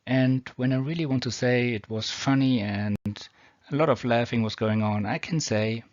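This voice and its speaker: A man with a German accent who teaches English grammar, explaining rules slowly and reading example sentences with care. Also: mid-range voice, no room sound. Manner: slow, deliberate, reads example sentences carefully. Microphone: built-in or cheap mic. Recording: dull, dry home recording.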